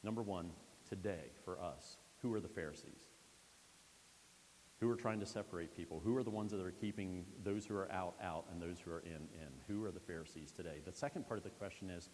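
A man's voice: low-pitched, a little mellow. A male pastor giving a conversational sermon and checking in with the congregation. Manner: conversational preaching, frequent "all right?" check-ins. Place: church sanctuary. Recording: long hall reverb, faint hiss.

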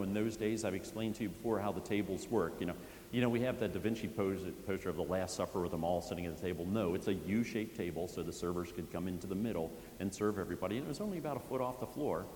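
A man's voice: lowish voice, darkish tone. A man, a pastor, preaching a sermon in a casual storytelling way, often adding asides as he retells the scene. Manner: conversational storytelling with frequent asides. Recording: echoey hall with faint hiss.

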